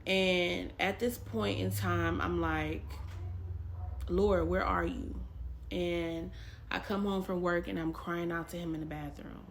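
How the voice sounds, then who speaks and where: A woman from Texas shares a personal faith testimony with her viewers in a loose, rambling vlog style. Her voice sits somewhat low with a gravelly fry, and she speaks unhurriedly, piling up fillers and repeating herself as she goes. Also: fairly even intonation, takes it slowly, slight background noise. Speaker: vlogger.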